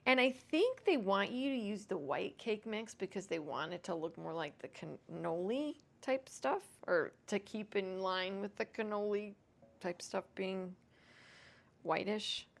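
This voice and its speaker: A woman's voice: mid-range voice, lively intonation, unhurried, creaky. A woman hosting a home cooking vlog, chatting casually and self-deprecatingly to viewers as she cooks. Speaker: home cooking show host.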